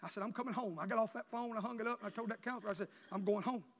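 Male preacher, high-pitched and impassioned, dull recording with long church reverb. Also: rapid-fire. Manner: impassioned, rising to near-shouts then dropping low. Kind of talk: emotional sermon testimony. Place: church sanctuary.

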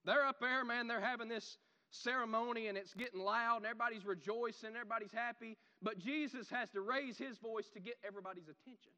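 A man preaching a sermon, animated, swinging from loud shouts to quiet asides. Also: very high-pitched, fast talker, long reverb tail, lo-fi sound.

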